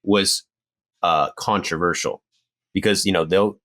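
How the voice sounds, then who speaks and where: A man's voice: deep voice, fairly even intonation, a little slow, fairly bright tone. A man co-hosting a podcast, joking and getting defensive while swearing casually. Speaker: podcast co-host, YouTuber.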